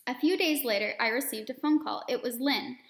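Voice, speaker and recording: A woman reading a children's story aloud expressively, pausing to explain words and lessons to young listeners. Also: high-pitched, echoey room.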